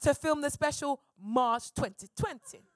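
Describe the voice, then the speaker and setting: Woman, comedian, lively storytelling, acts out quotes, fairly high voice, dry sound. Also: a little slow, no room sound. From England. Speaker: comedian guest. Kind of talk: live stage storytelling. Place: live podcast stage.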